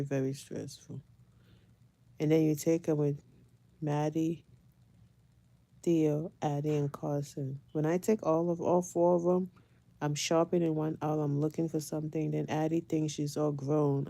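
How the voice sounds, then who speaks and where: A woman, a mother of four, telling everyday stories to the camera in an animated, laughing way. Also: deep voice, gravelly, no room sound. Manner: animated, laughing, dramatic retelling. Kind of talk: casual storytelling vlog.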